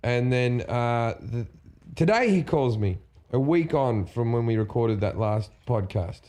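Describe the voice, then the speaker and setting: A man co-hosting a podcast, telling an anecdote in a loose, rambling way with quick impressions of others. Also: mid-range voice, animated, mellow. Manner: rambling, does mocking impressions. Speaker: podcast co-host. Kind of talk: casual chat.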